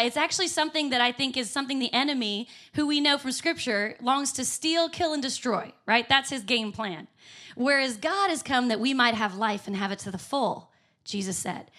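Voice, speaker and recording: Bright, high-voiced woman preaching. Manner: upbeat, laughing, emphatic. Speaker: pastor. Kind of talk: sermon. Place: church.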